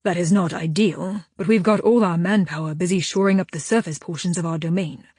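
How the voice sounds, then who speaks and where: Gruff stubborn dwarf boss, curt and grumbling, read by a woman, husky tone, dry audiobook sound. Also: fairly low pitch, fairly even intonation, brisk, darkish tone, no room sound.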